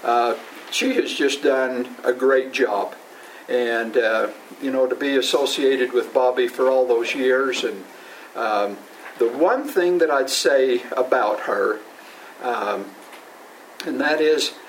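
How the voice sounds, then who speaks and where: Brief: male coworker, halting anecdote-teller at a retirement event. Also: medium pitch, slight background noise, rough recording. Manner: rambling, halting, laughs through his story. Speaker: coworker giving a retirement tribute. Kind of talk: storytelling speech at a farewell gathering.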